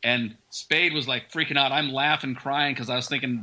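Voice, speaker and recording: A man, a rock band member, telling a funny story in an interview, animated and acting out what people said. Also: mid-range voice, brisk, few pauses.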